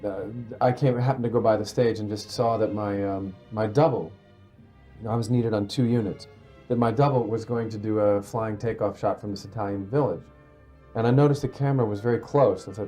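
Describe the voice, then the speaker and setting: A man in his thirties, an actor, speaking thoughtfully in an interview, pausing and restarting his phrases. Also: fairly low pitch, fairly even intonation, warm tone, faint music behind. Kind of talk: sit-down interview.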